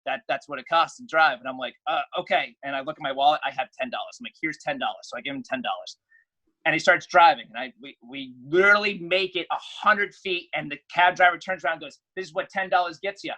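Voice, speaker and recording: A young adult man, appearing as a podcast guest, tells a story in casual conversation, talking fast in a slightly high voice over a rough recording. He is animated and loudly acts out the voices of the people he quotes.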